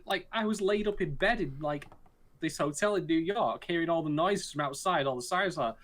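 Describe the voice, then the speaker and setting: A man co-hosting an anime podcast, talking in an animated, profane, joking way. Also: fairly high pitch, brisk. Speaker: podcast co-host. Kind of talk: casual anime discussion.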